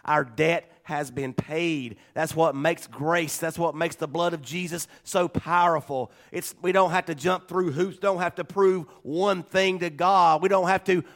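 A man preaching a sermon as pastor, swinging between loud declarations and quiet, conversational asides. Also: a little high, fairly even intonation, unhurried, few pauses.

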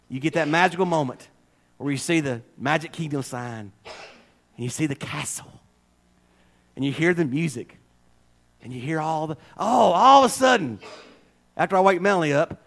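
A man with a drawl delivers a homespun, conversational sermon through a wireless mic. His voice sits a little high for a man. He drifts from low, chatty asides into raised, fervent preaching. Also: animated, normal speed, long pauses. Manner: folksy, swings from quiet asides to raised exhortation. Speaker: pastor. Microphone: wireless microphone.

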